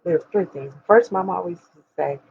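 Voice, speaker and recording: A woman's voice: on the low side, fast talker, creaky, phone-quality sound, a little hiss or hum. A woman of forty talking candidly and emphatically to her viewers, speaking straight to them like a preacher. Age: 40s. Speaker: host. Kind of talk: candid personal talk to viewers.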